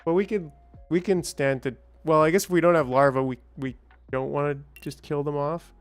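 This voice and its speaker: A man's voice: fairly high pitch, fairly even intonation, moderate pace, soft background music. A man hosting a let's play, thinking aloud in a chatty way with small exclamations and restarts. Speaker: gaming channel host.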